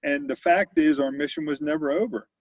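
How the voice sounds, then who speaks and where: A man's voice: a little high, sing-song, a little fast, creaky, no echo. A man in his sixties, a company CEO, telling stories in a conversational interview, with lots of fillers and restarts. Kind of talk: storytelling in an interview. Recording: dull lo-fi audio.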